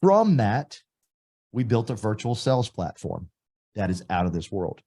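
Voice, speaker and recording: A middle-aged man from Texas, giving an emphatic motivational recruiting speech that swings between loud punches and soft asides. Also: fairly low pitch, very animated, measured pace. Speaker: real estate company leader.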